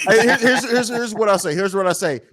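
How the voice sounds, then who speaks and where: A man's voice: high-pitched, a little fast, over a noisy crowd. A man co-hosting a sports podcast, making his case in casual debate and backing his points with stats. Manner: argumentative, builds points with stats, repeats phrases.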